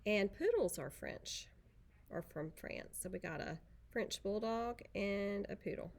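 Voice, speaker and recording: A woman's voice: medium pitch, unhurried, creaky. A woman teacher reading a picture book aloud to young children, chatty and playful, stopping to talk about the pictures.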